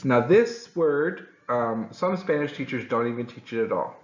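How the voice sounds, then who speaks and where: A man teaching a Spanish lesson, patient and clear, repeating words slowly for his students. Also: medium pitch, animated. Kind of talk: classroom-style language lesson. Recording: echoey room, slightly dull sound.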